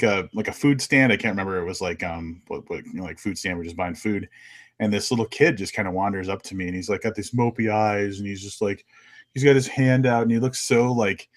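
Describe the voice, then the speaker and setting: An American man co-hosting a casual podcast, telling a travel story with many fillers and restarts. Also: lowish voice. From United States. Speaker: podcast co-host.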